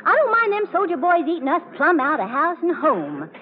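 A fussy high-voiced landlady. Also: sing-song, a little fast. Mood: flustered chatty. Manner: exclaiming folksy old-time expressions. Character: fussy Southern woman boarding house keeper. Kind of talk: old-time radio drama acting. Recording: tinny lo-fi old radio recording.

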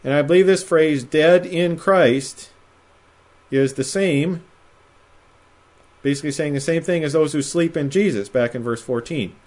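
Male Bible teacher, slightly higher voice, measured explanatory delivery, leans on key phrases. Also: a little mellow. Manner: measured, explanatory, slows to stress quoted phrases.

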